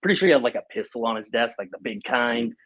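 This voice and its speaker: Guest in his 30s, husky mid-pitched man, animated storyteller who acts out the dialogue. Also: fast talker, low-quality recording. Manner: animated, acts out quoted speech, laughs often. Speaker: podcast guest, company president. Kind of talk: casual storytelling.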